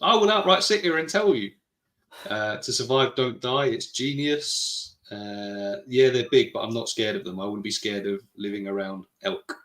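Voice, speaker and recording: Speaking at a moderate pace in an echoey room, this British co-host has a medium-pitched, expressive, slightly bright voice. He works through the live chat in a casual way, needling his podcast partner, bickering, and laughing a lot.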